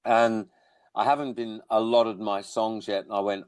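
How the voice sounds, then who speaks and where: A man's voice: lowish voice, level tone, normal speed, clean tone, no room sound. A man, born in England, chatting as a musician guest with rambling, self-deprecating humor. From born in England, raised in Australia. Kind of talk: casual interview chat.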